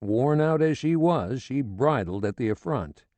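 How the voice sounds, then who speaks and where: A man's voice: mid-range voice, expressive, measured pace, dark tone, dry recording. A man narrating a novel in the first person, with a sardonic, coarse-edged delivery. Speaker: audiobook narrator. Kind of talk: scripted literary narration.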